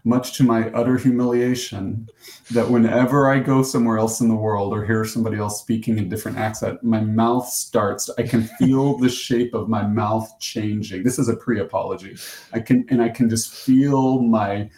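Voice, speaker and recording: A man with an American accent co-hosting a podcast in casual chat, self-deprecating and halting with fillers. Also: on the low side, fairly even intonation, a little mellow. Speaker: podcast co-host. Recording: roomy echo.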